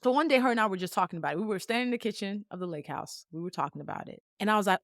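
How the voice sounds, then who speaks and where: A woman in her late thirties, hosting a podcast, tells a personal story in a lively, conversational way with casual slang. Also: mid-range voice, very fast, no echo, clean studio sound. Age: late 30s. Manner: lively, conversational, acts out quoted dialogue. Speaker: podcast host.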